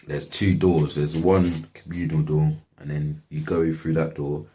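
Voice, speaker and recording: A man's voice: a bass voice, little pitch movement, measured pace, dark tone, slight background noise. A young man casually telling a story from his life, slangy and swearing often. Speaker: vlogger.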